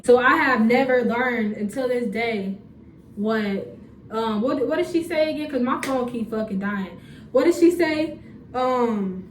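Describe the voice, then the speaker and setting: A young woman telling a storytime vlog in a casual, animated, profane way with laughing asides, filmed on a phone. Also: fairly high pitch, moderate pace, slight background noise. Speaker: storytime vlogger. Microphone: phone camera. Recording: roomy phone recording from a distance.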